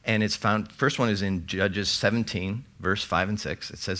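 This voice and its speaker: A pastor delivering a sermon in a fairly low, conversational voice. He reads scripture aloud and breaks off for quick asides to the people in front of him. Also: steady tone, sharp tone. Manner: conversational preaching with scripture readings.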